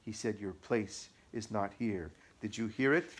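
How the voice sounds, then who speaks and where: A man voicing an abusive, taunting male devil in an audiobook, shrill and whining. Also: unhurried. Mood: fearful. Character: raging taunting male devil possessing a woman. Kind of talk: audiobook reading.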